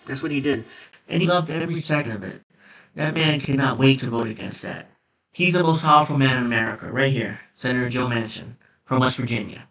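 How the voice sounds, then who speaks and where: Brief: male commentary vlogger, blunt and mocking, middle-pitched, a bit off-mic. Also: normal speed, fairly bright tone, distant mic, low-quality recording. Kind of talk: casual opinion monologue.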